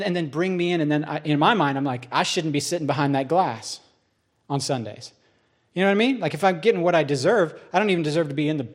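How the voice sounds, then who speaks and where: A middle-aged male pastor preaching with animated storytelling, his fairly high voice leaping up when he acts out voices in a dialogue. He also sinks to a soft, hushed delivery for solemn points. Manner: animated storytelling, acting out both sides of a dialogue. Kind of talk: sermon.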